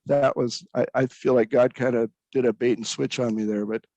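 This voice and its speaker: A man's voice: mid-range voice, steady tone, fairly quick, dark tone, no room sound, poor audio. Earnest man telling his own story. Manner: earnest, with frequent restarts. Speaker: recovering pastor guest. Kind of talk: candid personal storytelling.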